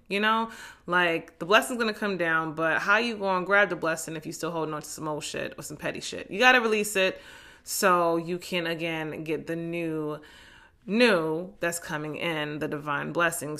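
A young woman from New Jersey hosting a podcast, talking in a casual, slangy motivational monologue. She is animated and laughs often, swinging from loud bursts to hushed, low asides. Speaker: podcast host.

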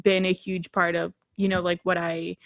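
A woman's voice: lowish voice, level tone, normal speed, creaky, no room sound, lo-fi sound. Gushing young woman podcast host. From Chicago, USA. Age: 20s. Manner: gushing, heavy fillers like um and you know. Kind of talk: casual podcast chat.

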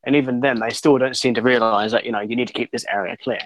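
A man's voice: medium pitch, fairly even intonation, fast talker, dry recording, low-quality recording. A man in casual podcast chat, talking hesitantly with many fillers while telling work stories.

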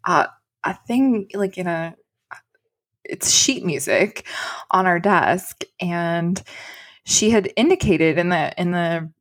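A woman's voice: lowish voice, slow pace, pauses often. A woman telling a travel story in casual chat, laughing often and saying "like" a lot.

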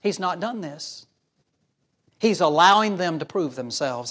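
A man's voice: high voice, animated, a little slow, fairly bright tone. A man preaching a sermon as pastor, emphatic, reading scripture aloud and acting out imagined voices.

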